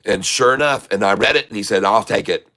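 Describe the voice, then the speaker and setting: A man's voice: lowish voice, brisk, bright, forceful tone. A middle-aged man casually telling rambling anecdotes, acting out quoted dialogue and laughing as he goes. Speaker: trading channel host. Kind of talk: casual storytelling.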